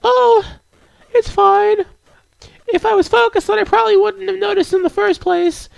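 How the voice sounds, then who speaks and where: A man voicing a shy, bookish teenage girl in a high falsetto, hesitant and apologetic, in a visual novel read-aloud. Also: little pitch movement, normal speed, vocal fry, no echo, heavily acted. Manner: hesitant, stammering, rambles then apologizes.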